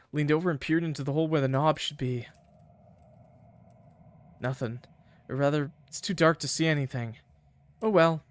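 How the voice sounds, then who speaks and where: A man's voice: fairly high pitch, no room sound. A man streaming a game, reading its text aloud in first person and breaking off for joking asides to his chat. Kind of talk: reading a game's text aloud with live commentary.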